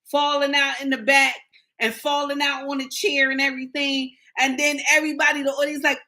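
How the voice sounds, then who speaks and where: A woman's voice: high voice, flat delivery, brisk, sharp tone. A woman, ranting in a sassy, indignant casual monologue to her viewers and acting out the people she quotes. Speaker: commentator.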